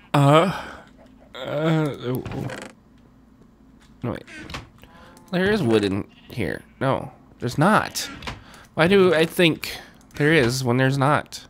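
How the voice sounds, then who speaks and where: A man hosting a Minecraft let's play, chatting casually and muttering to himself as he plays, getting loud and excited when he pleads. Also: medium pitch, very slow, long pauses, a little hiss or hum. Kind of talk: casual gameplay commentary.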